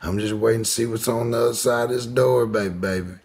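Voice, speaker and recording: A man's voice: mid-range voice, steady tone, fast, noisy background, pitched above the performer's own voice, close to an everyday voice. Man putting on a brash, foul-mouthed old aunt. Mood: easygoing. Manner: brash, drawling, cussing. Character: feisty tough older woman, foul-mouthed aunt.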